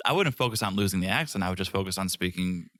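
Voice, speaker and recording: A man's voice: low-pitched, expressive, rapid-fire, fairly bright tone, dry recording, studio quality. A man co-hosting a podcast, recapping scenes and teasing his co-host in a playful way. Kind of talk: casual chat.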